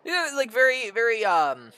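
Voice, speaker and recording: A man's voice: extremely high pitch, wildly swooping pitch, normal speed, bright, forceful tone, some chatter behind. A man casually commenting while streaming a game, rambling and joking about the dialogue. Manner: rambling, laughs a lot, mocks the dialogue.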